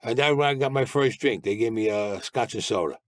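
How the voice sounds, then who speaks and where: A man tells his past in a blunt, streetwise way, laying out events plainly in present tense. His pitch sits in the middle for a man, and the sound is dry and close to the mic. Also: brisk, no room sound. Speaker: guest. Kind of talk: storytelling interview.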